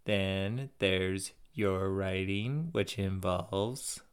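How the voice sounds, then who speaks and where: A man's voice: low-pitched, very slow, clear, resonant tone. A man co-hosting a casual podcast, with a dry, sardonic, teasing way of talking. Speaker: podcast co-host. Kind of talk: casual chat.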